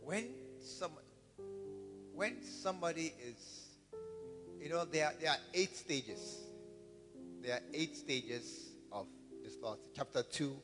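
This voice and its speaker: A man's voice: a little high, slow, long pauses. Preaching man in an echoing church. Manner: storytelling preacher, repeats phrases, calls for amens. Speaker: pastor. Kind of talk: sermon. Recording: reverberant hall with guitar music.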